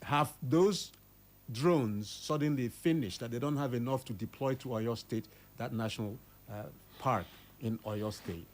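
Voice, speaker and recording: A man's voice: mid-range voice, a little slow, darkish tone. A Nigerian man calling in to a radio show, indignantly asking why the government has not acted. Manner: indignant, rhetorical questions. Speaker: caller. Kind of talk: radio phone-in commentary.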